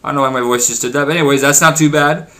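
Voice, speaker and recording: Crude, bright-voiced young gaming vlogger. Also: male voice, a little high, fairly even intonation. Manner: rambling, crude and profane, swears often; says he is talking fast because he is hungry. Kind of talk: casual commentary over gameplay.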